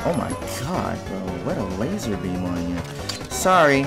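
A young man giving profane gameplay commentary, muttering to himself and then bursting into yelling. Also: low voice, big pitch swings, moderate pace, vocal fry, over loud music. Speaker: gaming channel host.

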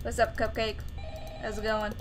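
A woman's voice: on the high side, monotone, moderate pace, slight background noise. Jittery woman narrating a horror game. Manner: jittery, talks to the game's characters, nervous self-talk. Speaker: gaming video host.

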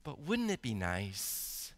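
A male pastor preaching a sermon. He reads scripture slowly and deliberately and builds to emphatic, rising intensity. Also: mid-range voice, huge pitch swings. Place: church sanctuary. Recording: long church reverb.

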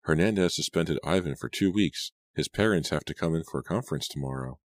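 A man voicing an excitable, gossipy teenage girl on the phone in an audiobook, talking rapidly and breathlessly. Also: extremely low pitch, no room sound. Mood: excited. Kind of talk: audiobook character voice.

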